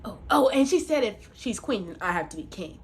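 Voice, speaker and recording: A woman's voice: fairly high pitch, lively intonation, fairly quick, lightly acted. A woman voicing a meek fisherman husband who hedges and hesitates. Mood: hesitant. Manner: hesitant, hedging.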